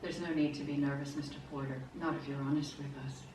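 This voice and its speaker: An actress playing a cold female interrogator who asks questions in a flat, mechanical way. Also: sits low, fast, a little hiss or hum, natural voice. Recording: distant, roomy TV audio with music.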